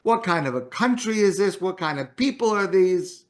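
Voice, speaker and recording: A man voicing a frustrated, hungry older woman who shouts complaints on a stuck bus in a told story. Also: animated, normal speed. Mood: exasperated. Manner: shouting, raised pitch.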